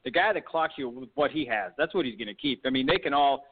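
Fast-talking male sports show host on a phone line. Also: mid-range voice, expressive. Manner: enthusiastic, rambling questions. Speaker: podcast host. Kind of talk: sports interview.

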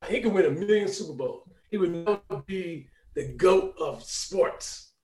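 A man's voice: high-pitched, animated, a little slow, a little mellow, soft background music. A man who is a regular on a talk show, arguing indignantly with profane rhetorical questions. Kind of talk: casual argumentative chat. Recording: roomy echo.

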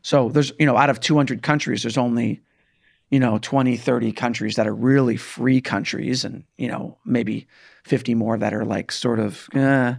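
Gravelly man, halting casual talk. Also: mid-range voice, steady tone. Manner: hesitant, restarts, many fillers like "like" and "right". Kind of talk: casual political chat.

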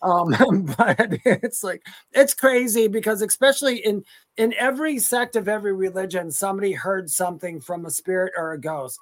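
A man's voice: high voice, moderate pace. A man co-hosting a live paranormal chat show, talking in an easygoing, rambling way with restarts. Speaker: co-host, psychic medium. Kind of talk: casual live-stream chat.

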